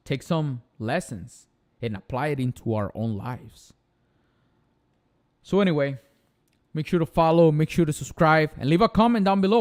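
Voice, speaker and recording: A man's voice: a little high, darkish tone. Earnest young man with a Spanish accent. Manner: earnest, motivational, repeats phrases for emphasis. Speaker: channel host. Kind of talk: casual live-stream monologue.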